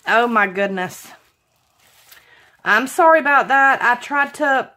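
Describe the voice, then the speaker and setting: A craft vlogger from Alabama, her voice fairly high and sharp in tone, unboxes supplies in chatty vlog style. She's gushing and giddy, laughing often and sounding apologetic.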